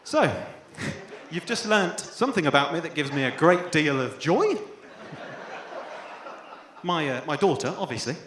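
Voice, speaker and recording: A young English man doing a stand-up comedy set on stage, dry and self-deprecating, with sudden loud outbursts. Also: a little high, very animated, unhurried, pauses often. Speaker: first-time stand-up comedian. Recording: echoey live venue with faint room noise.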